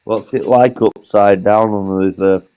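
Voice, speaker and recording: A man's voice: fairly low pitch, fairly even intonation, a little slow, clear, resonant tone, highs cut off. A man hosting a livestream, laughing often and swearing through casual banter. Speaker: livestream host. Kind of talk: casual chat.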